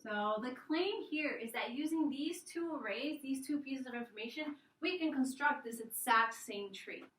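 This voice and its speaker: A young woman student presents an algorithm over slides in a relaxed, unscripted way, with fillers and restarts. Her voice is bright and a touch high. She sits some distance from the mic in a roomy, echoing space. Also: normal speed, hardly any pauses. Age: young adult.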